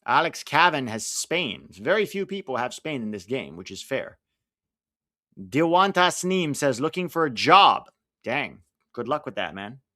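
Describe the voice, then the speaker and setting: An American man chats casually as he hosts a live stream, rattling off lineups and answering viewers' messages. His voice sits at an ordinary middle pitch and is picked up dry and close, with no room sound around it. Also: big pitch swings, a little slow, pushed and bright, no room sound. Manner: chatty, reads out lineups and chat messages. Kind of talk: casual live watch-along chat.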